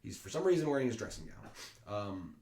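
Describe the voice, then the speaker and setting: A man's voice: on the low side, very animated, brisk, darkish tone. Man explaining Shakespeare in an echoey room. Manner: plain explaining with fillers and restarts, paraphrasing lines. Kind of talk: casual explanatory lesson.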